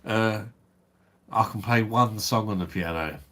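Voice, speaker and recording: A man's voice: lowish voice, unhurried, pushed and bright. A man with a South East London accent hosting a casual livestream, answering viewer comments with laid-back blokey banter and the odd swear. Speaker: livestream host.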